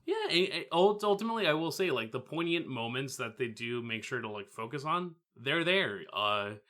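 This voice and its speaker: Bright-voiced man, thoughtful chat. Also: mid-range voice, lively intonation. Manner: thoughtful, measured, hesitant starts. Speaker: podcast co-host. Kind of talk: casual chat about anime.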